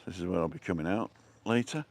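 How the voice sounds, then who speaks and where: Strolling through town streets with a handheld phone, a middle-aged vlogger live-streams a walking tour, chatting and greeting viewers by name. He has a low-pitched voice and talks fast.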